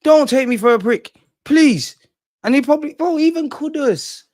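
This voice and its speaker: A man's voice: very high-pitched, normal speed, dry recording, studio quality. A young man, ranting and swearing in exasperation as a football fan channel host. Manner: animated, profane, exasperated ranting.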